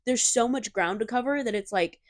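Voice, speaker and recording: Animated young woman podcast co-host. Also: a little high, a little fast, no room sound, studio quality. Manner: animated, emphatic, lots of fillers. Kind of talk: casual chat. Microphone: cheap desk mic.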